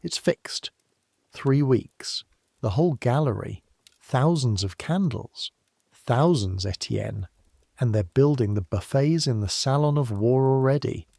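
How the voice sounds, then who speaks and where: A man narrator voicing an excitable young male kitchen servant who talks with his mouth full, eager and bursting with news. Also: medium pitch, measured pace, gravelly, no echo, studio quality. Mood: excited gossip.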